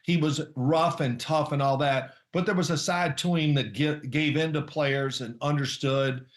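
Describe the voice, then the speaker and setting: Echoing through the room, a slightly high, steady male voice moves at a moderate pace. He's an older ex-quarterback, a guest in a relaxed interview, rambling through anecdotes and laughing softly.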